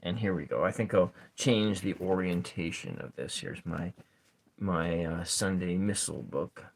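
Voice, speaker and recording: A man giving a soft-spoken ASMR lesson at his writing desk, thinking aloud as he counts syllables and spells out words. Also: sits low, a little slow, vocal fry. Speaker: ASMR poetry teacher. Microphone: camera set over his desk.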